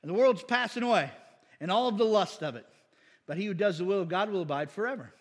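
Male preacher, high voice, folksy and emphatic, sermon in a reverberant hall. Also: animated, fast talker. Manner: folksy, emphatic, asks the congregation for amens.

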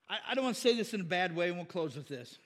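A man preaching a sermon in an animated, chatty way, laughing often and voicing quoted people. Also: high voice, in a large hall.

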